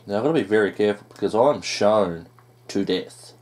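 A man giving excited gameplay commentary, groaning at setbacks and swearing now and then. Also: lowish voice, a little fast. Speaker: gaming YouTuber.

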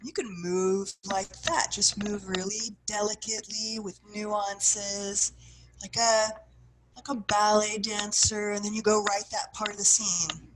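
Expressive woman leading a writing workshop. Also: mid-range voice, measured pace, background noise. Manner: expressive, acts out what she describes, soft trailing phrases. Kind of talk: guided workshop instruction.

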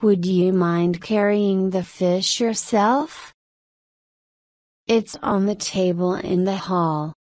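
A woman's voice: mid-range voice, fairly even intonation, slow pace, darkish tone, no room sound, clean studio sound, lightly acted. A woman reading the lines of a tired, polite male traveller telling the story.

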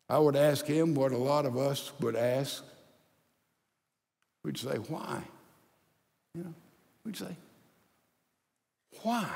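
Older male pastor, unhurried sermon delivery, dips soft then swells, long reverb of a large sanctuary. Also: medium pitch. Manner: dramatic swings from loud to hushed; slow, deliberate delivery with long pauses.

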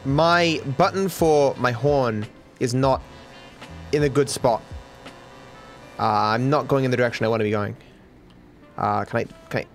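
A young man from Australia giving excitable, animated gameplay commentary, with frequent swearing. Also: mid-range voice, a little slow, pauses often, faint music behind. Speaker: gaming streamer.

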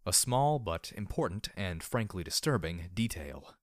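A man reads a fan-fiction audiobook in a measured, grim tone with a wry edge. His voice sits very low. It is recorded close and dry. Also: sing-song, no echo. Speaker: audiobook reader.

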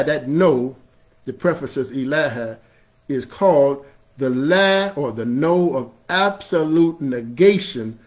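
Man, imam, sermon, emphatic preaching, mid-pitched voice. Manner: emphatic preaching that swells loud on key phrases; chants Arabic scripture. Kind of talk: Friday sermon. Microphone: streamed live online.

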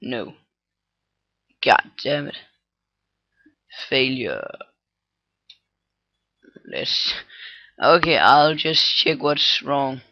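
A man thinking aloud through a casual coding tutorial, halting with many fillers and restarts, on a low-quality microphone. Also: big pitch swings, dry recording, muffled recording. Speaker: scripting tutorial maker. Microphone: cheap computer microphone.

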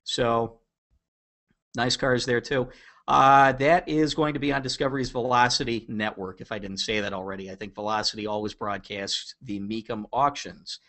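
A man's voice: medium pitch, fairly even intonation, normal speed, sharp tone. Male podcast host, easygoing and chatty, jokes around with a co-host, mid-range voice. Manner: chatty, jokey, teases co-host. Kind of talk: casual podcast chat.

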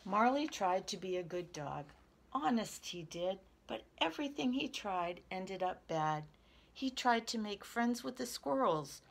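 Lady reading a kids story out loud, lively and animated. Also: mid-range voice, a little slow, gravelly, a little hiss or hum. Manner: lively, expressive, speaks to children. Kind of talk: children's picture book read-aloud.

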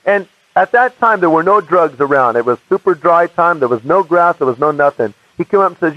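An American man telling his personal faith testimony as an animated storyteller, acting out the voices of people he quotes. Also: on the high side, brisk, few pauses, dry recording. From United States. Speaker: evangelist giving his testimony. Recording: muffled dry archive recording.

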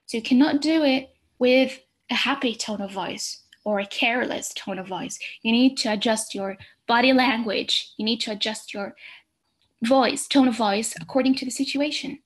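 A woman's voice: on the high side, normal speed. A woman teaching exam preparation in a recorded lecture, explaining step by step, repeating key points and checking in with "okay?".

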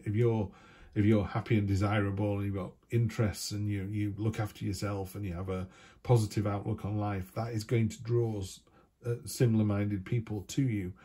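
A man gives a casual tarot reading in a husky, slightly low voice. His tone is mellow and unhurried, and he rambles chattily from card to card with little asides. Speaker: tarot reader.

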